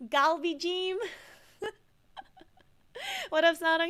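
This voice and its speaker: A woman's voice: high voice, steady tone, slow, long pauses, fairly bright tone. An American woman streaming a game, chatting casually and giggling often between remarks. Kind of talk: casual chat while gaming.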